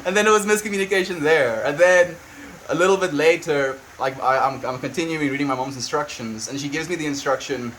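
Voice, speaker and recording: Young man, livestreamer, casual rambling chat, frequent laughs, restarts, a bit high-pitched. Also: a little fast, fairly bright tone, slight background noise, rough recording. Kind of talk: casual chat, venting and reading chat. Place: at home on a farm.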